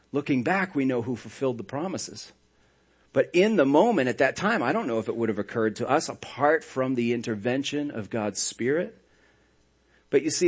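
A pastor with a mid-range, breathy-edged voice preaches a sermon, telling the story dramatically. He swings between hushed and loud lines and throws in sarcastic asides.

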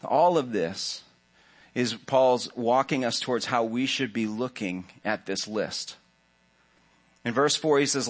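Slow-paced and mid-range in voice, a pastor preaches to his congregation in a church sanctuary. He keeps the sermon conversational and tosses in jokes to his listeners.

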